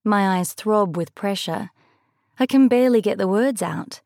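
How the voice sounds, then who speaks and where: A young adult woman reading a first-person audiobook, measured and lightly expressive, on a close studio mic. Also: medium pitch, vocal fry, dry recording. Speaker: audiobook narrator.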